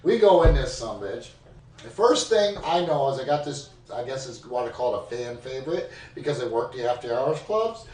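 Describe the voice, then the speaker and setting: A man of fifty telling profane bar stories in a rowdy, animated way as a podcast guest. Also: mid-range voice, moderate pace. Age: 50s. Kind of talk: casual storytelling. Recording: echoey room, mic at a distance.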